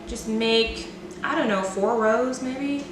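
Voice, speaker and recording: A woman with a fairly high voice talks at a slow pace while decorating a cake for a home cooking video, teasing herself playfully along the way. The echoey kitchen recording, made with a far-off mic, has a noisy background.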